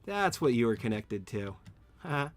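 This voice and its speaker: A man's voice: mid-range voice, big pitch swings, measured pace. A man thinking aloud while streaming a game at home, answering chat and often correcting himself. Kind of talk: live gameplay commentary, answering chat.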